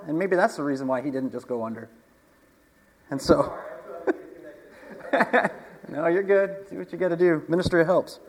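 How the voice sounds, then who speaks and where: A man's voice: on the high side, normal speed, long pauses, darkish tone. A man preaching a casual sermon, talking conversationally, asking the congregation questions and chuckling often. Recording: long hall reverb.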